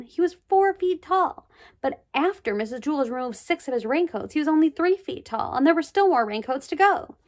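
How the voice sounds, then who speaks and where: Lady reading a kids book out loud, super animated, kinda high voice. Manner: expressive, chatty asides. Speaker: storybook reader. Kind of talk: reading a children's book aloud.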